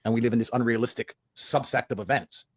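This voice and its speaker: A man's voice: mid-range voice, fairly even intonation, fast talker, husky. A man ranting in a heated interview, profane and repetitive, hammering his points with declarations. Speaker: interview guest.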